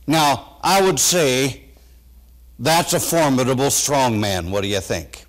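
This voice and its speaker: A pastor preaching a sermon to his congregation, folksy and animated, swinging between loud bursts and quiet asides. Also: medium pitch, normal speed. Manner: folksy, talks straight to the congregation.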